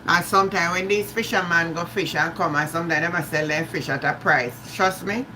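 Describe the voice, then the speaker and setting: A woman's voice: lowish voice, fairly even intonation, fairly quick, sharp tone, a little hiss or hum, rough recording. A Jamaican woman hosting a live stream, chatting casually, greeting viewers by name and slipping into patois. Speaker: livestream host.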